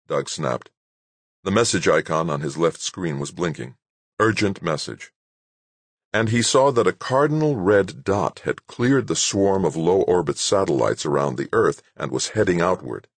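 A man reading an audiobook as narrator in a steady, even, scripted way. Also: very deep voice, moderate pace, husky, dry recording.

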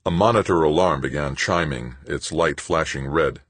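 A man narrating an audiobook with expressive storytelling. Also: very deep voice, moderate pace, husky, dry recording. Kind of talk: scripted narration.

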